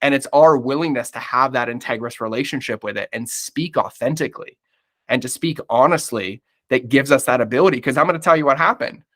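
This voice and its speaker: A man's voice: mid-range voice, brisk, sharp tone. A man talking candidly as a podcast guest, blunt and emphatic, swearing often and calling the listener "bro".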